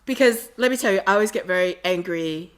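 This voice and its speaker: A woman guest on a podcast, telling a story in a casual, animated way and acting out the quotes. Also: medium pitch, fast.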